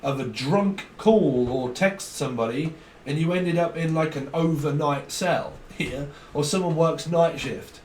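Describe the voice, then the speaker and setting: A man's voice: fairly high pitch, a little slow, a little mellow, distant mic. A man giving a casual tarot reading, joking and riffing on wordplay and rhymes. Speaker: tarot reader. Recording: roomy with faint noise.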